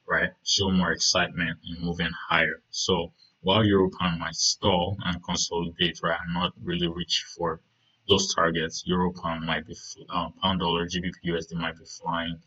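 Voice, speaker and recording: Man, deep voice, bright edge, rambling trading chart talk, lots of fillers, lo-fi recording. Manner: rambling, frequent fillers and "right?" checks. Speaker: trading video host. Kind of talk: casual chart analysis.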